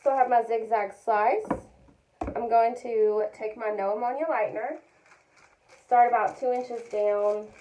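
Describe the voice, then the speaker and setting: Woman, mellow warm voice, calm methodical tutorial narration, repeats key points. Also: a little high, measured pace, dull audio, slight background noise. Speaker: hair color educator.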